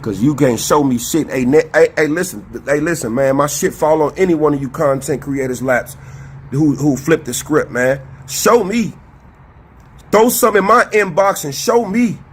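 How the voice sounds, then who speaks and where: A man with a somewhat high voice delivers heated, profane commentary on a podcast. He is confrontational and emphatic, with faint ambient noise behind him. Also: moderate pace. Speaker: podcast co-host.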